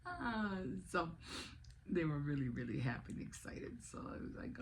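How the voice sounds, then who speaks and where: Woman, 60s, rambling vlog chat, gravelly creak, light background hiss. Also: deep voice, big pitch swings, fairly quick, poor audio. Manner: rambling, chatty, with frequent restarts and laughs. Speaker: vlogger. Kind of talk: casual chat.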